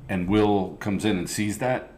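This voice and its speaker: A man co-hosting a casual podcast chat who talks in a relaxed, halting way and often trails off. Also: on the low side, a little hiss or hum. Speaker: podcast co-host.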